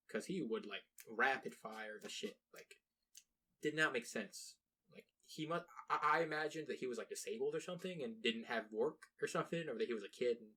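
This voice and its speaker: A man's voice: mid-range voice, fairly bright tone, slightly rough. A young man co-hosting a casual podcast, rambling, restarting sentences and swearing freely. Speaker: podcast co-host. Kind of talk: casual chat.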